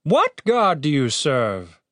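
Man voicing a self-righteous captain, indignant, sarcastic, high-pitched. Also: wildly swooping pitch, takes it slowly, fairly bright tone, dry recording, studio quality, heavily acted.

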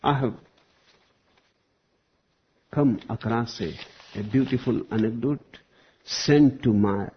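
A man giving a slow, deliberate spiritual discourse, pausing often. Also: medium pitch, husky. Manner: slow, deliberate, with long pauses. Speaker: spiritual teacher. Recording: dull lo-fi recording.

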